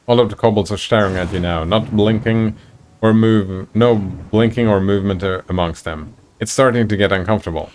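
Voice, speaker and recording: Low-voiced man reading a text adventure aloud. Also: a little fast, slight background noise. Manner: casual, reads narration and chats with viewers. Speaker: streamer.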